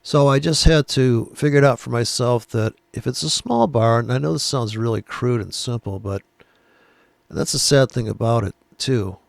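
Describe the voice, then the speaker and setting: A man's voice: medium pitch, normal speed, vocal fry, dry recording. A man ranting and swearing as he talks through trading charts on screen, drifting off-topic. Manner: profane, ranting, off-the-cuff. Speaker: forex trader explaining charts. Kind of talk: rambling screen-share chart commentary. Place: at a computer desk.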